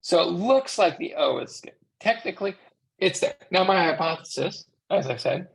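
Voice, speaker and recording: Voicing a sign language instructor in a lecture, this American-accented interpreter sounds animated, with a medium pitch, moderate pace, and vocal fry. The teaching style is conversational, full of rhetorical questions aimed at the class.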